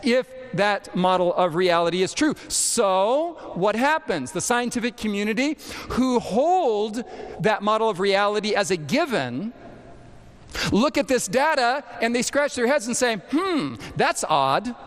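A man preaching a sermon to a camp meeting audience, animated and questioning the crowd directly. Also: sits high, measured pace. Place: large hall with audience. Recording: long hall reverb.

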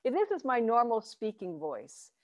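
This woman guides students through a Zen chanting workshop by video call, offering encouragement and gentle laughter as she models chants and deep belly vowels. Her voice swoops wildly in pitch, sounds a little mellow, and keeps a moderate pace.

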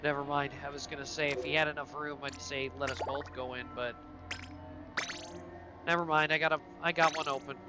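A man's voice: a little high, level tone, a little fast. A man streaming an online game, chatting casually and swearing when things go wrong. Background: loud game music.

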